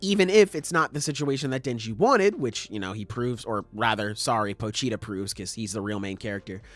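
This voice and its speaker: A man hosting a podcast, ranting in a casual, profane and animated way. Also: fairly low pitch, a little fast, dry recording. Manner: animated, profane, critical ranting with acted quotes. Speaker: podcast host.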